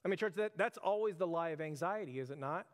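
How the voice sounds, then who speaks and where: A man's voice: fairly high pitch, animated, fast talker. A man in his thirties preaching a conversational sermon, earnest and informal, often calling his listeners "church". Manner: earnest, repeatedly addresses listeners as "church", filler "like". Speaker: pastor. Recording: long hall reverb.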